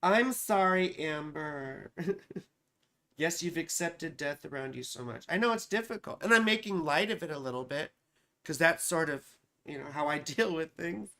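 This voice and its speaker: A woman's voice: low-pitched, moderate pace, fairly bright tone. A woman astrologer hosting a live stream, chatting casually, reading out viewer comments, swearing freely and joking at her own expense. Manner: joking, profane, teasing.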